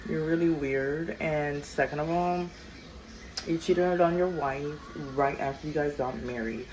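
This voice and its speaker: A woman telling a storytime rant in a casual vlog, blunt and sassy. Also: deep voice. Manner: blunt, sassy, drawn-out and expressive. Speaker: vlogger. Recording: noticeable background noise.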